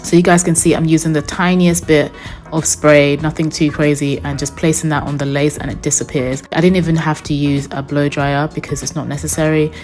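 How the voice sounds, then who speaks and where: A woman's voice: sits low, level tone, brisk, a little mellow, faint music behind. A young woman narrating a wig install tutorial as a voice-over, chatty and upbeat, talking straight to her viewers. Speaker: beauty vlogger.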